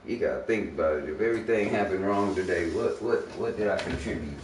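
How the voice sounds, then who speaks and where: A man's voice: low voice, fast, darkish tone, slight background noise. A man giving a blunt, preachy, profane rant on a casual livestream. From Texas. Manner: blunt, preachy, swears a lot. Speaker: livestream streamer. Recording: echoey room, voice distant from the mic.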